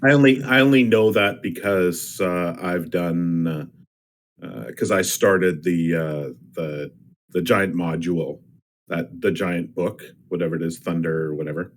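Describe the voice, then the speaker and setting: Deep-voiced guy at an online game table, stumbles and repeats himself a lot. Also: a little slow. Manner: hesitant, repeats his words as he starts. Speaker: player. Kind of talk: casual chat at a game table. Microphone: voice chat microphone.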